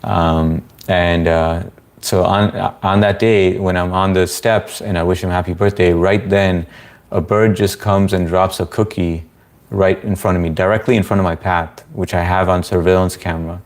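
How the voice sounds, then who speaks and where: A man's voice: low-pitched, fairly even intonation, normal speed. A man hosting a casual late-night live stream, greeting viewers by name and rambling laid-back with lots of fillers. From Indian family background. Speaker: livestream host. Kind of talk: casual live chat reading comments.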